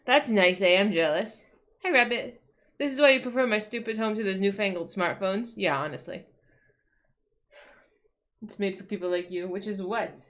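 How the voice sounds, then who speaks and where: Exasperated bright-voiced woman streamer. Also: mid-range voice, normal speed, pauses often. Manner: exasperated ranting, swears, frequent likes and restarts. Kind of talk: casual livestream chat. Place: home.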